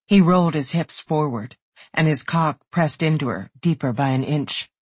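An audiobook narrator giving a soft, unhurried, intimate reading of a romance novel. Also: mid-range voice, slightly rough, no echo.

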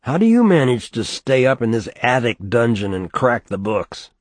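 A man's voice: medium pitch, big pitch swings, moderate pace, no echo, pitched above the performer's own voice. A man voicing a sardonic young male economics graduate student, wry and exasperated, in an audiobook reading. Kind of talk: audiobook character voice.

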